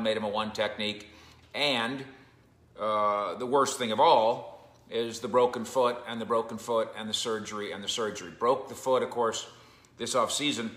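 A man's voice: medium pitch, fairly even intonation, moderate pace, fairly bright tone, roomy sound. A man giving casual sports commentary as a reporter, conversational and joking with frequent asides.

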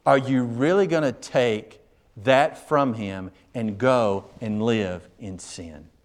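A man's voice: medium pitch, takes it slowly. Man preaching with a drawl. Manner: conversational, swings from quiet to emphatic. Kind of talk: sermon.

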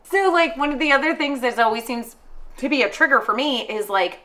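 A young adult woman hosting a podcast, telling stories in an animated, casual way and swearing freely. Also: fairly high pitch, a little fast. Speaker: podcast host. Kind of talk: casual chat.

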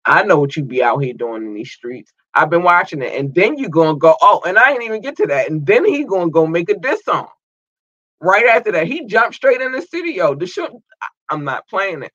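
A man hosting his own show in a loose, slangy, chatty way, rattling through listener shout-outs. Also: a little high, very animated, fairly quick, no room sound. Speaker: podcast host. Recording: dull lo-fi dry sound.

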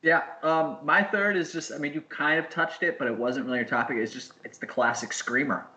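A man's voice: a little high, steady tone, brisk, sharp tone. A man co-hosting a casual podcast, laughing often and acting out gym scenes. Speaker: podcast co-host. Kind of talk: casual chat. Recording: roomy with faint background noise.

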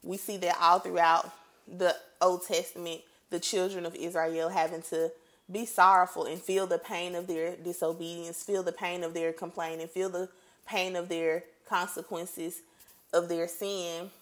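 Lively woman teaching from the Bible. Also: fairly low pitch, moderate pace. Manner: animated and conversational, reads scripture then reacts playfully.

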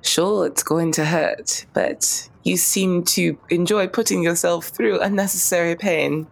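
A woman's voice: fairly low pitch, steady tone, measured pace, creaky. A woman voicing a sardonic, teasing doctor with a dry wit.

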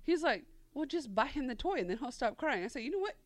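Woman co-host, lively story-teller, higher voice, dry close sound. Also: brisk, dry recording. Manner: animated storyteller, acts out quotes, laughs often. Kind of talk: casual chat.

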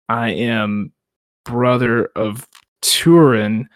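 A man's voice: mid-range voice, takes it slowly, no room sound, clean studio sound. A young man co-hosting a book podcast, retelling the chapter with acted-out quotes and frequent laughs. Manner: animated retelling, acts out quotes, laughs often. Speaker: podcast co-host. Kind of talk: casual book discussion.

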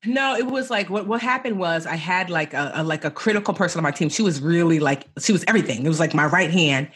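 Husky lady guest on a podcast, chatty and animated, middle-aged. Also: on the low side, fast. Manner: lively storyteller, animated self-quotes. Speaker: guest entrepreneur. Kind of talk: casual interview chat.

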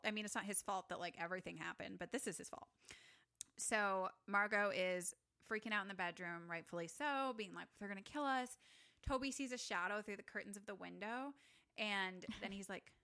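A woman's voice: medium pitch, sharp tone. A young woman co-hosting a podcast, casually retelling a film scene by scene and acting out the characters' lines. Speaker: podcast co-host. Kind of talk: casual movie recap chat.

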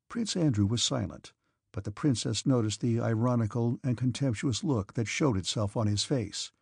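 A man reading a classic novel aloud as a volunteer audiobook narrator, at a measured, steady pace. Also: mid-range voice, gravelly, breathy edge, dry recording, studio quality. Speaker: audiobook reader. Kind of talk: scripted narration.

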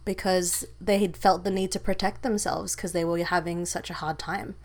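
A woman's voice: fairly low pitch, steady tone, moderate pace. Chatty Australian woman. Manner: chatty, storytelling, lots of likes and ums. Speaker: filmmaker guest. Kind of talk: casual conversation.

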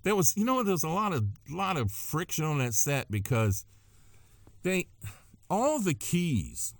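Radio host, middle-aged man, animated storyteller, swooping pitch, dry close sound. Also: a little slow, no echo. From Louisiana. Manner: animated raconteur, slips into quoted voices. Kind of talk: casual storytelling chat.

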